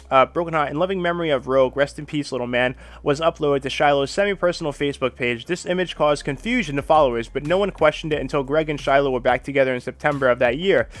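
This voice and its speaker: A man's voice: fairly high pitch, fairly bright tone. A man hosting a drama commentary stream, reading a script, then ranting in a profane, repetitive and exasperated way.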